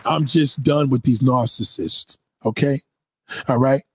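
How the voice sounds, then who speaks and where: A man voicing a brash, profane woman from New nearing sixty, who rants at the viewer in a loud, boastful, rambling comic monologue. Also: medium pitch, a little slow, slight background noise, lightly acted. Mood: dismissive.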